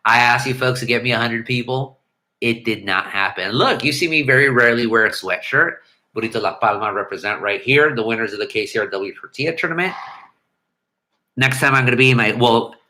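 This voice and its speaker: Bright-voiced man rambling on a livestream. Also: on the low side. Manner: rambling, hums and scats melodies. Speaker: livestream host. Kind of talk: casual livestream chat reading comments. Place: home room.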